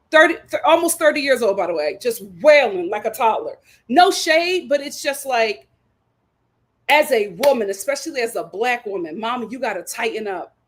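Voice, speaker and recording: A young woman, retelling a reality show episode as host in casual, sassy commentary. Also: on the high side. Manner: animated storytelling with sassy asides.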